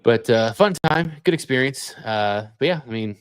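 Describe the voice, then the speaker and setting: A man's voice: medium pitch, lively intonation, moderate pace, smooth, dry recording. A man co-hosting a podcast, chatting casually and reacting with short replies. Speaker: podcast co-host. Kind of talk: casual chat.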